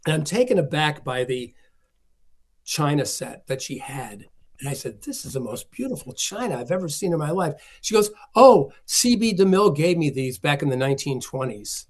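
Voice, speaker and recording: Man telling lively anecdotes, fairly high voice. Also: moderate pace. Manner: animated, acts out the voices of people he quotes. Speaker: film collector interviewed as guest. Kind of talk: conversational storytelling.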